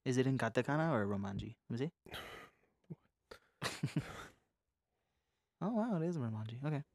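A man's voice: medium pitch, animated, moderate pace, vocal fry, a little mellow, no echo, studio quality. A man co-hosting a podcast, playful and jokey, sometimes dropping into whispers. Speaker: podcast co-host. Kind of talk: casual chat.

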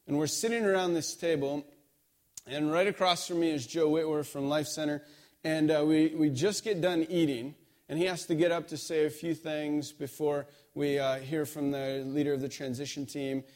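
Middle-aged male pastor, sermon delivery, somewhat high-pitched, chatty storyteller who voices the people in his stories. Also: steady tone, moderate pace, a little mellow. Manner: conversational storytelling, acts out quoted dialogue.

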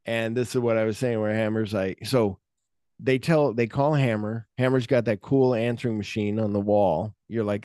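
Guy chatting on a film podcast, kinda low voice, lots of ums, dry sound. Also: steady tone, normal speed, mellow, dry recording. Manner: rambling, searching for names with many fillers. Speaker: podcast co-host. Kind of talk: casual film podcast chat.

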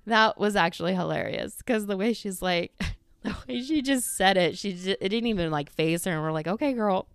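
A woman's voice: mid-range voice, moderate pace, clear, resonant tone, no room sound. A woman hosting a casual solo podcast from home, rambling with lots of fillers and casual swearing. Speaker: podcast host.

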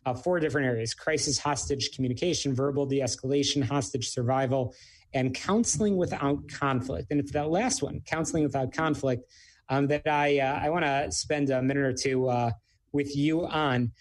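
A man's voice: mid-range voice, moderate pace. A man hosting a business talk show, interviewing a guest with many fillers and hesitations. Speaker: radio show host.

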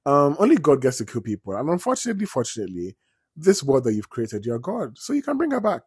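A man voicing an over-excited woman superfan nurse who talks in a syrupy, sweetly menacing way. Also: mid-range voice, quick pace, husky, no room sound, studio quality, voice pushed up, heavily acted. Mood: sweetly controlling.

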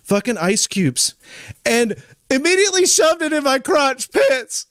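Man, 40s, podcast host, casual storytelling, fairly high voice, swears a lot, dry close sound. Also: unhurried, no room sound. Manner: animated, swears freely, acts out quotes. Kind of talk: casual chat, telling a story.

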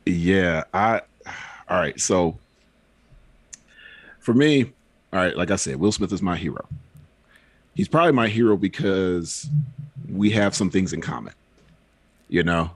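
A man's voice: deep voice, a little slow, long pauses, no room sound. A man chatting on a podcast, telling rambling personal stories with frequent fillers. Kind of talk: casual podcast chat.

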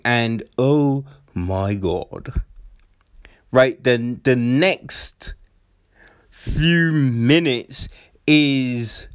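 A man giving a rambling, excitable film review, swearing freely and packing his talk with fillers. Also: on the high side. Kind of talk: casual spoken film review.

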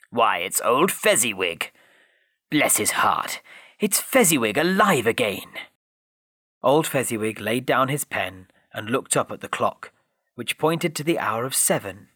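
A man reading a classic story aloud with expressive, lively narration. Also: mid-range voice, no echo, studio quality.

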